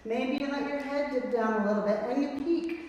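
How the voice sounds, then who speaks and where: A woman's voice: high voice, brisk, a little mellow. A woman teaching a yoga class, giving playful, encouraging cues paced with the breath. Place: yoga studio. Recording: roomy studio echo with light noise.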